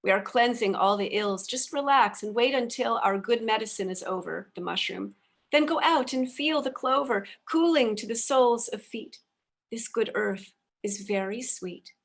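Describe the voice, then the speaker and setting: A woman's voice: a little high, moderate pace, vocal fry. A middle-aged woman, an interview guest, reciting a long channeled rhyming poem in a rhythmic, incantatory way. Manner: rhythmic, incantatory verse delivery.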